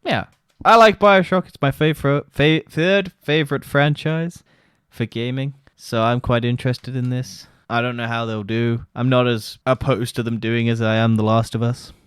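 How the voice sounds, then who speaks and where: A man's voice: mid-range voice, fairly even intonation, normal speed, smooth, no echo, studio quality. A man co-hosting a podcast in casual chat, blunt and scoffing, swearing freely. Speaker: podcast co-host.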